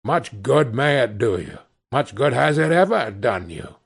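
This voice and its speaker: A bitter, miserly old man snaps back with curt, growling replies, as a man voices him. His voice is gravelly and slow. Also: mid-range voice, big pitch swings, full character voice. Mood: scornful.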